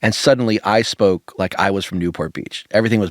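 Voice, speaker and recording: A man's voice: lowish voice, brisk, few pauses. A man from Southern California, a pastor, telling stories in casual podcast chat and laughing often. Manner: animated storyteller who laughs often.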